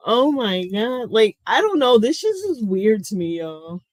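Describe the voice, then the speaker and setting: A middle-aged woman runs a casual livestream, answering her chat in a blunt, sarcastic way and swearing freely. She talks at an unhurried, drawn-out pace, and her voice sounds close and dry with no room echo. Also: a little high, big pitch swings. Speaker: livestream commentary host.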